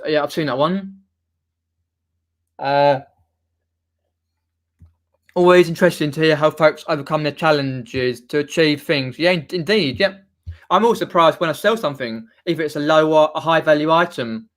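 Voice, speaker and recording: Man, Mockney accent, live stream chat, rambling, fillers and restarts, slightly high voice. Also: fairly bright tone. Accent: Mockney, near London. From southern England, near London. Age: young adult. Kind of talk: casual live stream chat reading comments.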